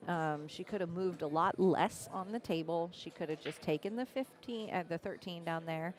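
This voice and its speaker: Measured woman commentating pool. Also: fairly low pitch. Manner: analytical, measured, dry humor. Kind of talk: live sports commentary. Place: pool hall.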